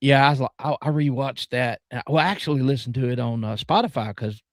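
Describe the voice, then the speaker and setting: A man's voice: mid-range voice, fast, no echo, clean studio sound. A man with a Southern US accent, a guest in casual chat, rambling with many filler words while enunciating carefully. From American South.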